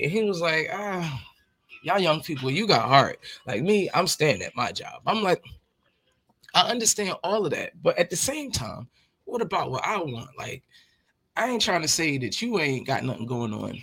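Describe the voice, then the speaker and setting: A man's voice: fairly high pitch, breathy edge. A man, hosting his podcast in a casual monologue. He rambles, jokes and laughs as he talks. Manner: laughing, joking, rambling, lively. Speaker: podcast host.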